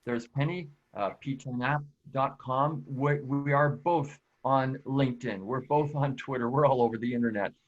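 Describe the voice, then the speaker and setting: A man's voice: mid-range voice, normal speed, hardly any pauses. Brief: male webinar presenter, friendly and casual, mid voice, slightly muffled audio. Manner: casual, friendly, with frequent fillers. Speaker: productivity expert and presenter.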